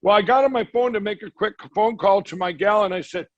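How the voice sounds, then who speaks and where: A man's voice: high-pitched, brisk, no room sound. A man, a guest, telling a long rambling story and acting out the quoted dialogue as he goes. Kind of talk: storytelling in a conversation. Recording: slightly dull audio.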